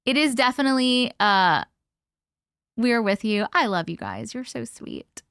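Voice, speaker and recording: Young woman, live-stream host, chatty and animated, slightly high voice, dry close mic. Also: unhurried, clear, resonant tone, no echo. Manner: chatty, greets viewers by name. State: short on sleep. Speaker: livestream host. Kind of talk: casual live-stream chat.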